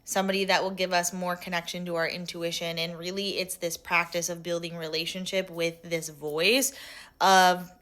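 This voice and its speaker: Bright-voiced earnest woman coach. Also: fairly low pitch, level tone, normal speed. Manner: earnest, questioning, repeats phrases for emphasis. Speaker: spiritual coach. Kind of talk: reflective guided talk.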